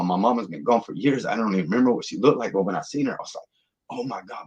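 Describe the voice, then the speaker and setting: Man, lowish voice, earnest rambling testimony, guest. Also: very fast. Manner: earnest, rambling storytelling with restarts. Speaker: guest telling his testimony. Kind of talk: emotional personal testimony.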